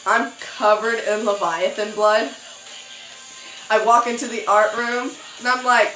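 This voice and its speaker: A young woman vlogger telling a story in a casual chat, animated and acting out quotes. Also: moderate pace, echoey room, faint music behind, rough recording. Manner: animated, acts out quotes with sudden high squeals.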